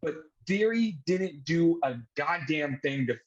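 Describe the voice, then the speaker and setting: A man from the United States hosting a casual wrestling review chat, excitable and swearing freely. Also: a little high, unhurried, muffled recording. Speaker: podcast host.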